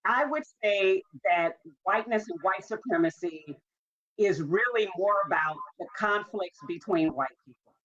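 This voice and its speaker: A woman's voice: medium pitch, a little slow, fairly bright tone, dull audio. A woman author, a guest on a talk show, answering with insistent emphasis and repeating her key phrases. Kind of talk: interview answers.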